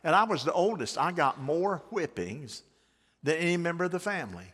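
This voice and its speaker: Male preacher, high bright voice, emphatic sermon delivery, reverb from a church sanctuary. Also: lively intonation, husky. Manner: emphatic, stretches key words slowly, drops to a low aside for stories. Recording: hall reverb.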